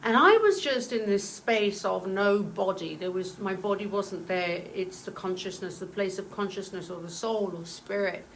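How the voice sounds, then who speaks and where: A woman in her forties telling a personal story in an earnest, emotional way, pausing often with fillers. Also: mid-range voice, slight background noise, poor audio.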